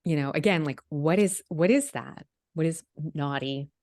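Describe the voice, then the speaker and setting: A woman hosting a casual, reflective conversation, asking gentle questions and musing thoughtfully. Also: low-pitched, normal speed. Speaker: podcast host.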